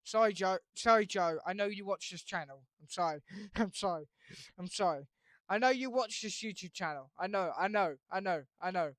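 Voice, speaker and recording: A woman hosting her channel, rambling through made-up band lore with stammering restarts, swinging between mumbling and loud exclaiming. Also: medium pitch, moderate pace, no room sound, clean studio sound. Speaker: channel host.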